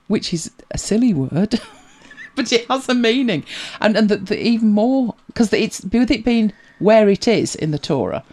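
The host of a tech help show speaks at a moderate pace with few pauses, using an expressive, medium-pitched voice with a darkish tone. They laugh easily, keep things chatty and casual while answering viewer questions, and repeat words as they begin.

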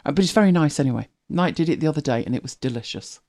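A streamer from northern England with a softened northern English accent, chatting casually to viewers while reacting to videos, musing aloud and laughing often. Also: mid-range voice, expressive, very fast.

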